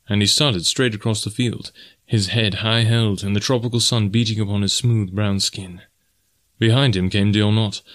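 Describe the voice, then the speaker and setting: A man reads scripted audiobook narration at a fairly low pitch, telling the story in a measured, even way.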